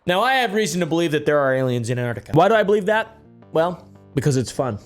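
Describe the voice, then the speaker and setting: Joking man with a raised pitch. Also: sing-song, fast talker, soft background music. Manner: sarcastic, joking asides. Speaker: host. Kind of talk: comedic commentary.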